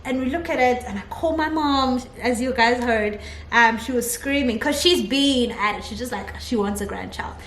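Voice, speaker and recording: A young woman vlogger telling a personal story in a chatty, animated way, often laughing as she talks. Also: fairly high pitch, normal speed. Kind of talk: casual storytelling vlog. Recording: echoey room, faint ambient noise.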